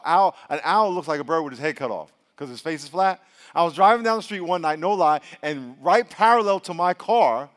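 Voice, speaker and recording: Animated male pastor with a higher voice. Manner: animated, joking storyteller, then hushed and earnest in prayer. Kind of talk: sermon.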